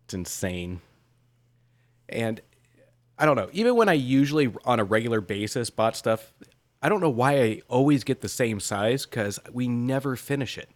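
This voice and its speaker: A middle-aged man co-hosting a casual podcast chat, wry and quick to laugh, swearing casually. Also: medium pitch, lively intonation, no room sound. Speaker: podcast co-host.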